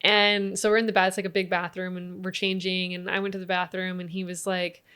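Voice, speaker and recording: A woman's voice: lowish voice, level tone, fairly quick, sharp tone, clear, resonant tone. A woman in her thirties with an American accent, a podcast guest telling a family story in casual chat, acting out the quotes and laughing often. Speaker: podcast guest, tantra teacher.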